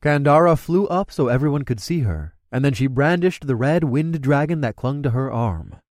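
A man narrating a first-person audiobook in a steady, wry way. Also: medium pitch, moderate pace, no room sound, clean studio sound.

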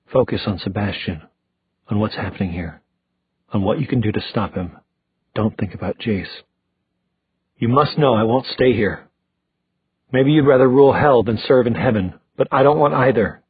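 A man's voice: on the low side, moderate pace, pauses often, husky, no echo, phone-quality sound. A man voicing a defiant young woman from an audiobook, speaking in a firm, pleading way.

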